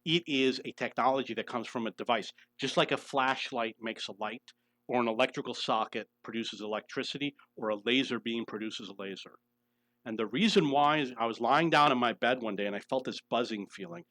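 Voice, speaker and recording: An earnest middle-aged man speaks in a personal monologue, pressing each point and circling back to repeat it. His voice sits at an ordinary middle pitch. The recording is dry and close, with little room sound. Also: brisk, a bit bright, no room sound. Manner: earnest, insistent, repeats himself for emphasis. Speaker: channel host telling his own story.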